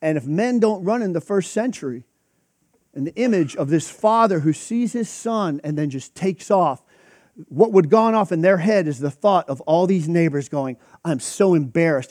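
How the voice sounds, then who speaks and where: High-voiced man preaching conversationally. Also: expressive, normal speed, a little mellow, no room sound, studio quality. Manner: conversational, emphatic, with frequent restarts and quoted asides. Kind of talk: sermon.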